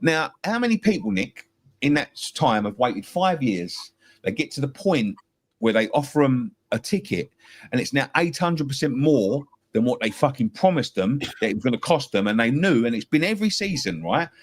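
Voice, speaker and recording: A man's voice: medium pitch, big pitch swings, normal speed. Fired-up man ranting about football. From England. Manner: passionate, swearing, repeating himself. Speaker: football fan guest. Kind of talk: heated fan-show chat.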